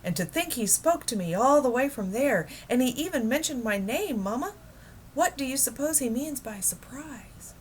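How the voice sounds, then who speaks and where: Woman reading as a dreamy, wonder-struck middle-aged man, storybook voice, a little higher and livelier than her narration. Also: animated, moderate pace, a little hiss or hum. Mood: excited. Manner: enthusiastic, wondering. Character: eager dreamy middle-aged house painter. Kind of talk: children's book read aloud.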